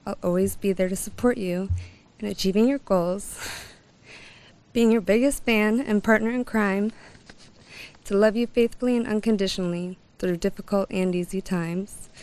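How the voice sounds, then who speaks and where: A woman's voice: mid-range voice, steady tone, moderate pace, a little mellow. A woman reads her wedding vows as the bride, in a mid-range voice. Her words are tender, and she is holding back tears.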